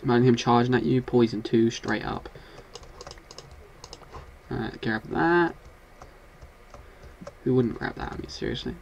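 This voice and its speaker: Excitable man doing gameplay commentary. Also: mid-range voice, unhurried, vocal fry, long pauses, muffled recording, slight background noise. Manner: excitable, swears and scolds game monsters. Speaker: gaming video host.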